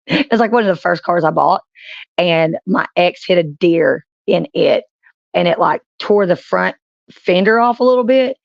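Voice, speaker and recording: A woman's voice: fairly low pitch, a little slow, gravelly, no echo, dull audio. A woman streamer telling rambling stories in casual chat, often breaking into laughs. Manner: rambling anecdotes with frequent laughs.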